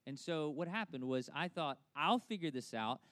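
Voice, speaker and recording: A middle-aged man preaching a sermon as a pastor, in a conversational, animated way with frequent fillers. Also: on the high side, moderate pace, no room sound.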